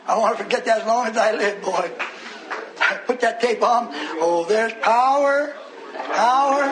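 A man's voice: sits high, background noise. A man preaching a sermon, fervent and storytelling, often breaking into hallelujahs with his congregation answering. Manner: fervent, exclaiming hallelujah, call and response. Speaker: pastor.

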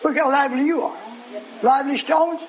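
A man's voice: extremely high pitch, fairly even intonation, fairly quick, rough recording. A man preaching a dramatic sermon, acting out scenes and calling out to his congregation. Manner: theatrical, acts out scenes, calls out to the congregation. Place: church. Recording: live church service with congregation.

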